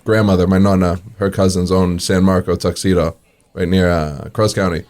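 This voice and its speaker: A low-voiced man, a restaurant owner who is a guest on an interview. He relaxes into long anecdotes, acts out the quoted dialogue and chuckles as he goes. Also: little pitch movement, moderate pace, a little mellow. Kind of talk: casual storytelling in an interview.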